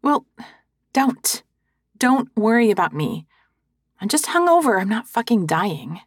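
A woman's voice: fairly high pitch, very animated, no room sound, clean studio sound, exaggerated voice. Woman playing a hungover, sheepish young woman. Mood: gloomy. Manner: self-deprecating, halting, breathy laughs. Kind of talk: audio role-play to the listener. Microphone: sensitive close microphone.

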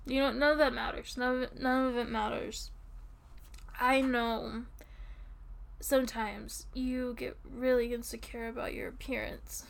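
A woman playing a tipsy, affectionate young girlfriend in an audio role-play, talking softly and intimately and drifting off topic. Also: on the high side, flat delivery, measured pace, gravelly. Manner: rambling, giggly, soft and intimate. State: drunk.

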